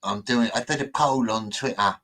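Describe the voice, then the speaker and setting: A man's voice: mid-range voice, moderate pace, fairly bright tone, poor audio. A man chatting casually and rambling into a desk mic, joking and bragging as he reacts to clips. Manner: rambling, jokey and boastful. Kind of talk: casual chat.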